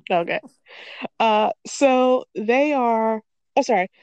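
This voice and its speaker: A woman's voice: a little high, takes it slowly, darkish tone, clear, resonant tone, no echo. A woman in casual chat recapping a TV episode, playful, quoting the characters and laughing often. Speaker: podcast co-host recapping a TV episode.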